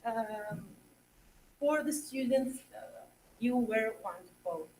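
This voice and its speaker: A woman's voice: fairly high pitch, animated, darkish tone, a little hiss or hum. A young woman teacher, close to tears, hesitantly thanks her students and colleagues. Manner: halting, many fillers, trails off. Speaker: young substitute English teacher. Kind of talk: emotional thank-you speech. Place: school assembly hall. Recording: distant mic in a hall.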